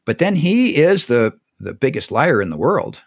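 Brief: man, expressive pitch, emphatic storyteller, dry close sound. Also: normal speed, creaky, no echo. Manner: lively, emphatic, with frequent restarts. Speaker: guest speaker on theology. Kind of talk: animated conversational storytelling.

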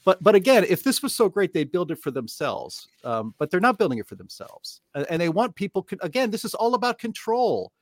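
A man co-hosting a casual political talk show, speaking in a sarcastic, animated way. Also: high voice, fairly quick, few pauses, no room sound. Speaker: podcast co-host.

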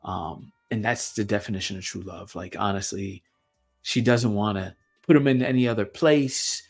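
A young man hosting his own show, talking through personal reflections in a halting way with lots of fillers and repeated words. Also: fairly low pitch, soft background music. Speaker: podcast host. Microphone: camera mic.

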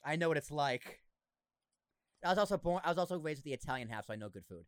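A man's voice: fairly high pitch, animated, quick pace, clear, resonant tone, no echo. A man guesting on a podcast in casual chat, giving blunt, joking opinions.

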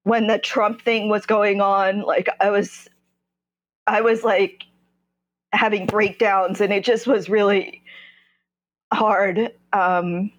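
This medium-pitched woman from New Jersey, appearing as a podcast guest, tells her personal story frankly. She moves little in pitch and keeps breaking off and beginning again as she gropes for words.

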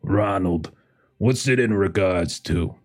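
A brash, sleazy magazine editor, as a man puts him on for a tabletop game. He is gruff and needling, always bargaining, and his pitch jumps up and down as he mocks. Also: slow pace.

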